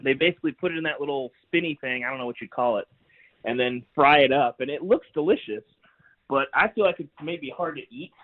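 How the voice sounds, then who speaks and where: A man's voice: medium pitch, a little fast. A man calling in as a guest on a sports radio show, chatty and wry, laughing at his own jokes. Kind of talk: casual sports radio chat. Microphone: phone call. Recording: tinny phone line.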